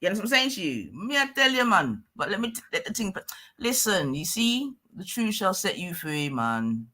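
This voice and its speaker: A bright, forceful woman vents on a live stream. She talks emphatically and keeps asking whether her listener is following her. Her pitch sits in a middle range. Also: very animated, a little fast. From London.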